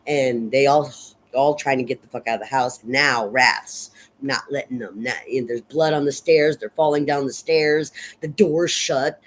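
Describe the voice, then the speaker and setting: A man's voice: medium pitch, unhurried, low-quality recording. Rambling man recapping a horror film. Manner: rambling, many fillers and restarts, casual swearing. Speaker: film reviewer. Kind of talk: casual movie recap and analysis.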